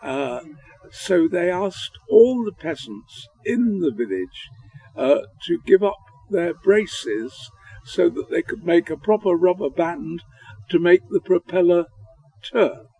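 A man's voice: sits high, animated, slow, breathy edge, poor audio. An older man, an actor answering interview questions and recalling past work, with many ums and uhs. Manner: hesitant, full of ums and uhs, gentle and chatty.

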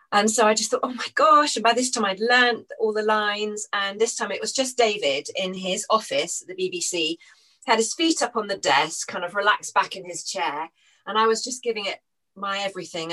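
Woman telling a lively anecdote. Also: medium pitch, rough recording. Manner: animated, acts out quoted voices, laughs often. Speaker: actress recounting her career. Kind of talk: anecdotal interview storytelling.

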